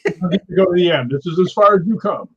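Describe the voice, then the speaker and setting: A middle-aged man telling a story in an interview, animated and acting out quoted lines. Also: sits high, fast talker, slightly rough. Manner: animated anecdote teller, acts out quotes. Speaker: stunt performer guest. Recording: dull lo-fi audio.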